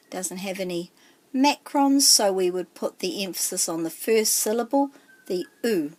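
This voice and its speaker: A woman, teaching a pronunciation lesson with slow, careful enunciation. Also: mid-range voice, lively intonation, a little mellow. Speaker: te reo teacher and author.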